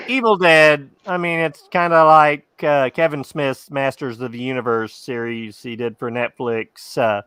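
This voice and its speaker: A man gives blunt, profane opinions in casual podcast chat. His voice is bright and crisp, slightly high, and recorded dry and close. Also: fairly even intonation, unhurried, no echo. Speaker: podcast co-host.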